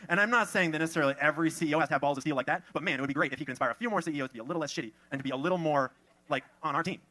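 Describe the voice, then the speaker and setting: A man rambles in casual stream chat at a breakneck pace and swears freely. His voice is bright and a bit high. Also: no room sound. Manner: rapid, rambling, profane.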